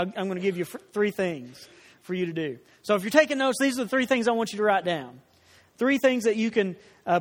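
A man's voice: high voice, big-room sound. A man preaching a sermon in a church, earnest, repeating phrases for emphasis and asking the congregation questions. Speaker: pastor.

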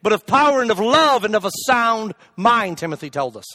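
A man preaching a humorous sermon, telling a story in an animated, jokey way with loud shouted asides. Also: sits high, brisk, no room sound.

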